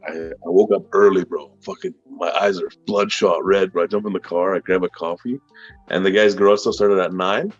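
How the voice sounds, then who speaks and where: Low husky-voiced man telling stories. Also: brisk, dry recording, lo-fi sound, faint music behind. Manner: animated profane storytelling, acts out quotes loudly. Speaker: guest reseller. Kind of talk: casual storytelling chat.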